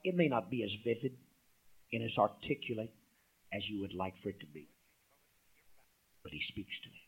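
A man preaching a sermon. He calls out to the congregation, swings from loud emphasis to hushed asides, and reads scripture aloud. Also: fairly low pitch, sing-song, moderate pace, husky, low-quality recording.

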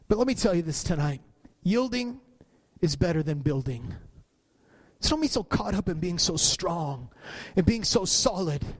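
Middle-aged guy pastor preaching, higher voice, says stuff over and over and climbs up loud. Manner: preachy, repeats phrases for emphasis, climbs in pitch at peaks. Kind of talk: sermon.

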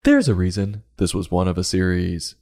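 A man's voice: sits low, lively intonation, moderate pace, a little mellow. A man hosting a comedic podcast that reviews children's books, with a sarcastic, jokey delivery.

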